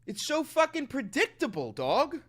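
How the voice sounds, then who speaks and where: A young man from New York hosting a political livestream, talking in a profane, sarcastic, animated way. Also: very high voice, normal speed. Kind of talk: casual livestream commentary.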